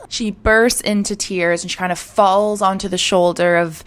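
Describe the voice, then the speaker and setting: A woman's voice: on the low side, moderate pace, hardly any pauses. A young woman hosting a true crime show. She retells the case in a casual, chatty way, full of "like" and "you know.".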